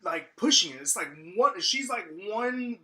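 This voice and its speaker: A man's voice: very high-pitched, sing-song, unhurried, sharp tone. A young man from Texas, a podcast co-host, telling a story casually with lots of fillers and restarts. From Texas, USA.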